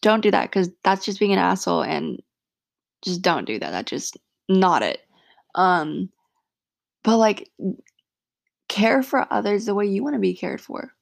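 A young woman talks straight to her listeners in a casual solo podcast, earnest and blunt, full of "like" and swearing. Her mid-range voice has a steady gravelly fry. The sound is dry and close. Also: mid-range voice, unhurried, long pauses, dry recording. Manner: frank and heartfelt, swears freely, many "like" fillers. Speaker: podcast host.

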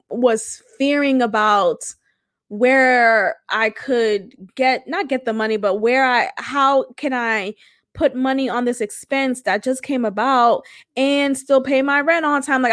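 Woman podcast host, fairly high voice, dry close-miked sound, candid and emotional in her storytelling. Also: fairly bright tone, dry recording. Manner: candid, emotional, conversational with many fillers. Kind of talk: personal storytelling monologue.

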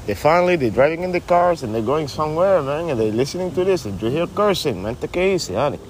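A man voicing an excitable rambling stoner buddy who tags "man" onto almost every phrase, talking outdoors in a backyard. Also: on the high side, fast talker, a little hiss or hum, voice pushed up, natural voice. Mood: scolding.

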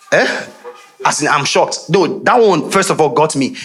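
A man's voice: on the high side, slow pace. A man preaching a sermon, quizzing his congregation for answers, with frequent laughs and chatty asides. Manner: animated call-and-response with congregation; laughs often, conversational asides.

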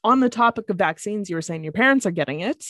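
A woman's voice: medium pitch, fast, dry recording. A woman, co-hosting a podcast in casual chat and laughing often as she tells stories. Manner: laughs often, animated storytelling. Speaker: podcast co-host.

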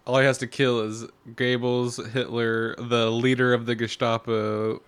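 Man, relaxed film watch-along commentator, mid-pitched, easygoing and laughing. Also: measured pace, clear, resonant tone. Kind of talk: casual chat over a film.

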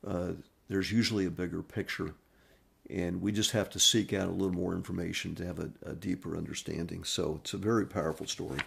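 A man's voice: deep voice, steady tone, a little fast, vocal fry, husky. A man hosting a podcast, telling a story in a rambling monologue full of fillers and restarts. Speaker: podcast host.

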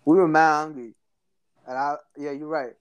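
A man's voice: fairly high pitch, fairly even intonation, moderate pace, clean tone, no echo. A young man casually telling a story to a friend, full of slang and swearing, laughing as he goes. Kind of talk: casual chat.

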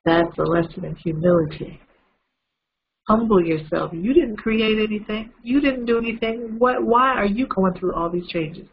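A man preaching a lively, conversational Bible lesson, retelling a story with asides to his listeners. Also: sits high, moderate pace, vocal fry, narrow, tinny audio, a little hiss or hum. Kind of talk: storytelling sermon.

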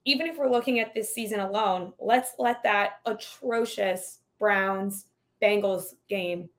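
Woman co-host on a betting show, casual, jumps in to agree, mid pitch. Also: a little slow, a bit bright. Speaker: podcast co-host. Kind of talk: casual sports betting chat.

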